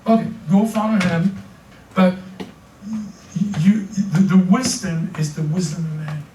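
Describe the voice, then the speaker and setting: An older man with a French accent preaches in a high voice, tripping over his words and repeating them as he builds his points. He is heard from a distance in an echoey church hall, with a faint hiss of room noise. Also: measured pace. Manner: repeats words, stammering restarts, animated. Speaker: pastor. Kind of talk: sermon.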